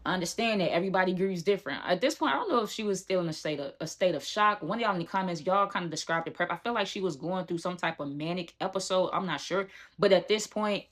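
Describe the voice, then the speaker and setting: A young woman telling a personal story in a casual vlog, animated and talking straight to her viewers. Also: on the low side, fast. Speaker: storyteller vlogger.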